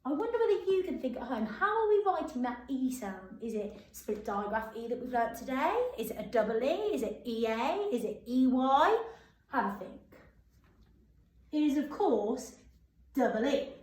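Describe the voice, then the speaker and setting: A woman teaching a phonics and writing lesson to young children, drawing out words slowly in a sing-song way. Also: sits high, sing-song, darkish tone, reverberant, rough recording. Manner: slow, sing-song, drawn-out words for dictation. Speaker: primary school teacher.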